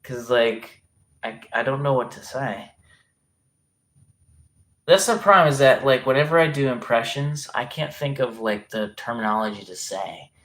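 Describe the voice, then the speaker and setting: Man on a casual stream, rambling with lots of likes and ums, talks with a local accent, middle pitch. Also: moderate pace, fairly bright tone. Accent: regional dialect, place unstated. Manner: rambling, filler-heavy, swears casually. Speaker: livestream host. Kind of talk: casual live-stream chat.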